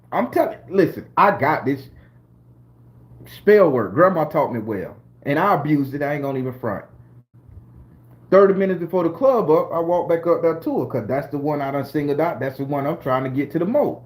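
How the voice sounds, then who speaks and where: A man's voice: a little high, expressive, normal speed. A middle-aged man from southern Florida with a Southern US accent, telling a story to camera in a slangy, profane, streetwise way. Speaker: channel host storyteller.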